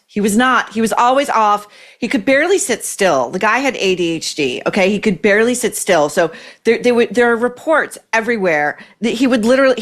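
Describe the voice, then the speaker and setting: A woman hosting a commentary podcast, talking in a sarcastic, cutting way. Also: mid-range voice. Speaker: podcast host. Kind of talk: opinionated commentary.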